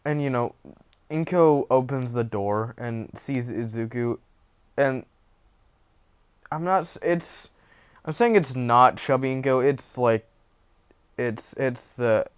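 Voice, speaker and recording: A man's voice: medium pitch, slow, pauses often, smooth, no room sound. A young man rambling through a casual retelling of a story, with lots of fillers and asides. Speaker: channel host.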